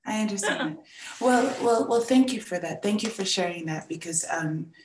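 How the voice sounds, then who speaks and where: A woman teaching a storytelling workshop, giving gentle, encouraging feedback and often repeating her words. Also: mid-range voice, lively intonation, normal speed, echoey room, noisy background. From born in England, raised in the United States.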